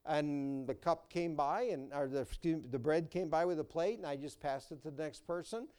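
A man's voice: fairly high pitch, normal speed, darkish tone, clean tone. A man preaching a sermon as pastor, folksy and storytelling. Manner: folksy, storytelling, repeats words.

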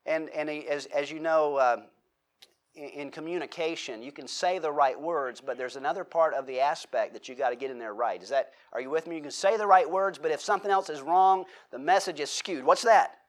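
A man's voice: fairly high pitch, a little fast. A middle-aged man preaching a sermon in a conversational way, restarting his sentences and slipping in joking asides. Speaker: pastor.

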